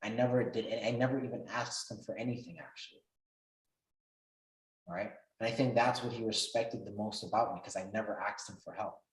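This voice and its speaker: Animated man telling a story in an echoey room. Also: brisk. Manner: animated, acts out quoted dialogue with rising pitch and loudness. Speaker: workshop speaker. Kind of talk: personal storytelling talk. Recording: roomy echo.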